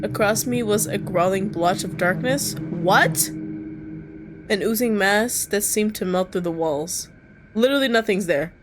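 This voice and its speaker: Reading game text aloud and reacting live, a woman streamer shifts between composed narration of a visual novel and loud bursts of squeals, laughter, and swearing in her casual asides. She has a mid-range voice and speaks a little slowly over a noisy background.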